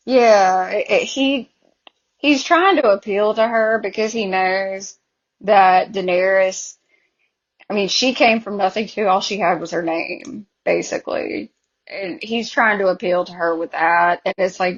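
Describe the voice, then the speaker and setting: A woman's voice: mid-range voice, unhurried. Chatty Southern woman, muffled lo-fi sound. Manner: chatty, exasperated asides. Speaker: podcast co-host. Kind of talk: casual chat recapping a TV show.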